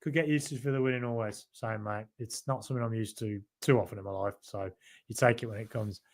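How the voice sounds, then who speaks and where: A man's voice: on the low side, fairly even intonation, fast, gravelly. An English man with a mild Birmingham accent hosting a football podcast live, chatting casually with many ums and restarts, his voice tiring late at night. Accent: mild Birmingham (Brummie). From England. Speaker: podcast host reading live chat. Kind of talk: casual live-stream chat.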